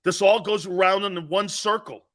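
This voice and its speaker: A man hosting a live sports talk show, telling stories in an animated, rambling way with many asides. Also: high voice, normal speed. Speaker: sports talk radio host.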